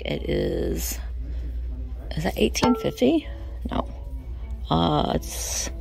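Vlogging a thrift hunt through the booths of an indoor antique mall, a woman chats casually, talks to the items, and slips into whispered asides. Her voice sits low, gravelly and a little mellow, with faint store music behind her.

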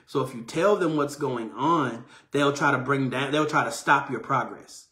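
A man preaching a conversational morning sermon, acting out the quoted speakers in an animated way. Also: moderate pace, few pauses, roomy sound. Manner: animated, acts out quoted voices in a higher pitch.

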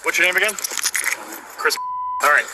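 A male police officer gives firm, commanding instructions while making an arrest. His voice is quite high for a man, with clear outdoor noise behind him. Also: normal speed. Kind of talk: arresting a suspect.

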